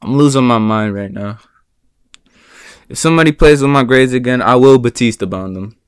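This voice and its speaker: A young man telling a personal story on his vlog, animated and swearing, bursting into shouts. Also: medium pitch, normal speed, clear, resonant tone, no room sound, studio quality. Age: young adult. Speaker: vlogger.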